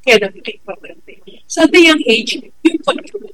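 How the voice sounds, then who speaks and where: A middle-aged woman with a Filipino accent, a school educator giving a talk on raising children, slow and emphatic, switching languages, telling stories. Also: high-pitched, expressive, fairly bright tone, poor audio. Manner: code-switching, storytelling, slow emphatic phrasing.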